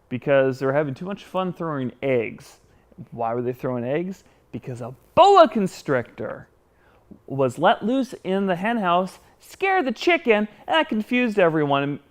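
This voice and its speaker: A man teaching children how to say their sounds, with a lively voice that rises and falls widely. He talks straight to the boys and girls at home with patient, animated encouragement. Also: a little high. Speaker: children's speech teacher and show host. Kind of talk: children's educational show.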